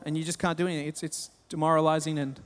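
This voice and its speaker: A man with an Australian accent preaching a sermon, telling stories with humor and animated retellings. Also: fairly high pitch, very fast, in a large hall. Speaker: pastor.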